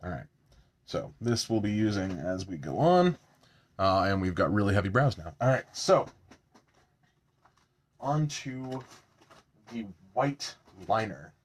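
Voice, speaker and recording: A man's voice: lowish voice, very animated, slow pace, pauses often. A man chatting casually at home while doing his makeup on a live stream, joking about himself and swearing now and then.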